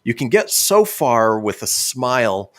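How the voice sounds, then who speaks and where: A man's voice: medium pitch, a little slow, no room sound, studio quality. A man hosting a radio show, chatting casually and reading out listener messages with chuckles. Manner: lively, chuckling storyteller.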